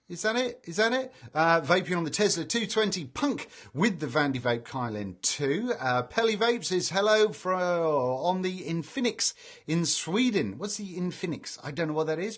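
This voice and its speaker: A man's voice: on the high side, a bit bright. A man hosting a casual live stream, reading out viewer greetings in a chatty way and stumbling over names. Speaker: livestream host reading chat.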